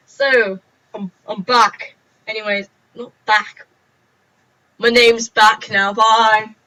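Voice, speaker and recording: A woman's voice: a little high, steady tone, extremely slow, long pauses, pushed and bright. A young woman chatting in a rambling, giggly, self-mocking way on a casual story-time vlog. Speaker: vlogger. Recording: dull lo-fi recording.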